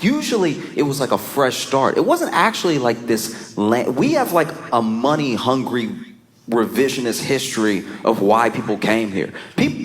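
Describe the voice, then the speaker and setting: With a fairly high pitch, this male comedian delivers stand-up built on energetic storytelling, chuckling as he speaks and slipping into rapid character voices for asides.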